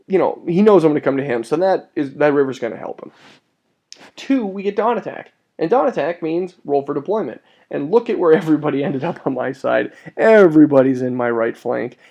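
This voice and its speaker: A man talks through a tabletop wargame battle report with a mellow, warm tone. He is casual and excitable, with his pitch jumping upward when something impresses him and casual swearing mixed in. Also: vocal fry.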